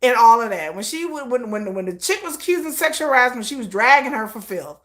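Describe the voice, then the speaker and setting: A woman's voice: a little high, expressive, fast, a bit bright. A woman hosting a livestream in casual commentary style, talking bluntly and emphatically with slang and swearing. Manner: blunt, emphatic and opinionated, with frequent laughs; slangy and profane. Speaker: livestream host.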